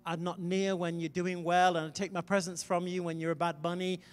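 A middle-aged man from Wales preaching a conversational sermon, emphatic, with sudden loud swells. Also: sits high, little pitch movement, fairly quick, clear, resonant tone. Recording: long reverb in a large hall.

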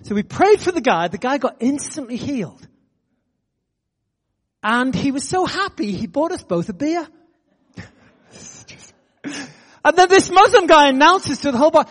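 A man preaching a sermon, telling a story with animated energy. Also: very high voice, moderate pace, pauses often, long reverb tail. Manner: animated, building excitement in anecdotes.

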